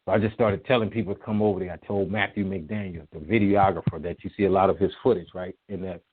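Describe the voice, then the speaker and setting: A man who is a music promoter, a guest telling old stories in a casual, profane, animated way, acting out what people said. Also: low voice, quick pace, breathy edge. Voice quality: profane, animated, acts out quotes. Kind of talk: casual storytelling interview. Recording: tinny phone line.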